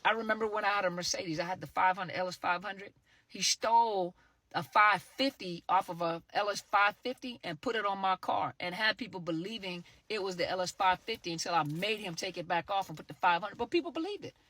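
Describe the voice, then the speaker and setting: A woman host speaks to her audience about narcissistic abuse in an animated, emphatic way, circling back to repeat her key points. Her voice sits in a middle range and is recorded dry, with no room sound. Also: mid-range voice, fairly quick, no echo.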